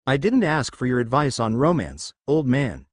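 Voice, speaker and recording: A man's voice: medium pitch, big pitch swings, normal speed, dry recording, studio quality. A man doing a cheeky young blond ninja. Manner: cheeky, informal.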